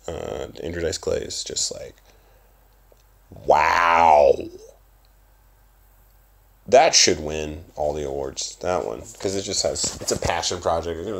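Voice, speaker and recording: A young adult man with a Southern US accent, hosting his own podcast in a casual, profane, rambling monologue with bursts of loud emphasis. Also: low voice, vocal fry. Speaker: podcast host.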